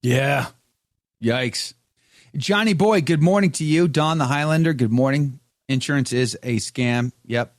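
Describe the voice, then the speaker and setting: A man hosting a live talk show, chatting casually and reading viewer comments, animated when telling stories. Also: mid-range voice, unhurried, no room sound, studio quality. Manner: animated, mimics others in storytelling. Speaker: host.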